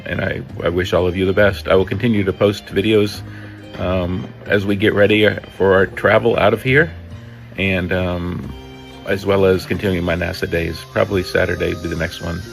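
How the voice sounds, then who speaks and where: A man giving a subdued, halting vlog update, with many pauses and fillers. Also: sits low, fairly even intonation, gravelly, faint music behind.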